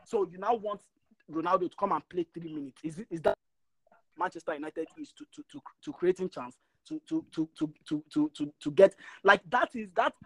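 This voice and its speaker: A man's voice: on the high side, brisk, fairly bright tone, no room sound, poor audio. A man, ranting passionately in a casual podcast chat and stumbling over repeated words when worked up. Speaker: podcast co-host.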